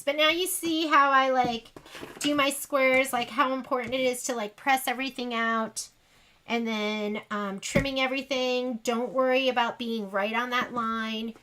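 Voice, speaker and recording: A woman's voice: on the high side, pushed and bright, slight background noise. A woman hosting a sewing livestream, chatting casually and rambling to her viewers as she works. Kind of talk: casual chat while sewing.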